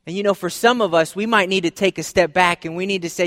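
A man's voice: sits high, fast talker, hardly any pauses, a bit bright. A man preaching a sermon as pastor, earnest and repeating phrases for emphasis. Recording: long hall reverb.

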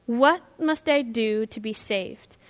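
High-voiced woman pastor telling a story. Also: takes it slowly. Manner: animated storytelling, acting out scenes. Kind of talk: sermon.

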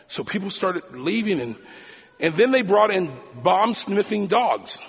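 A male preacher telling a personal story in a sermon, talking fast and animated. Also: high voice, breathy edge, in a large hall, highs cut off.

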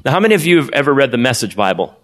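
A male pastor preaching a sermon, asking the congregation questions and swinging his pitch for emphasis. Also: sing-song, racing, long reverb tail.

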